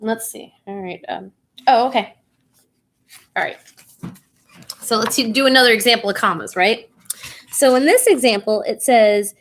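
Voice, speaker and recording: Young woman teacher, bright tone, informal and full of "um" and "right?". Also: a little high, normal speed, long pauses, a little hiss or hum. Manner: chatty, with many fillers and "right?" checks. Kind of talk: live online class lesson.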